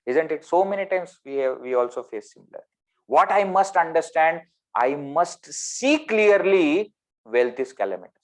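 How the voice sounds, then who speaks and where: An Indian English man gives a spiritual talk over a video call. He is animated and keeps asking his listeners rhetorical questions. His voice moves between loud emphasis and near-quiet asides. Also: fairly high pitch, moderate pace. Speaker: spiritual teacher. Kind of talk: spiritual discourse.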